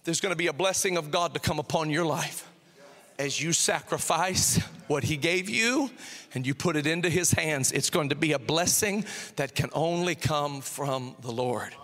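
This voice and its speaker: A middle-aged male pastor with a high, bright, forceful voice preaches in a church sanctuary. The sound carries a long hall reverb. He tells stories in an animated way, repeats phrases, and acts out both sides of a conversation. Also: moderate pace. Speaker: senior pastor. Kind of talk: sermon with storytelling.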